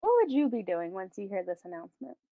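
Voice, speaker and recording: A woman's voice: medium pitch, expressive, quick pace, no echo. A woman running a tabletop role-playing game on a live stream, narrating scenes casually, laughing often and swearing now and then. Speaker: game master. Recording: dry, phone-like audio.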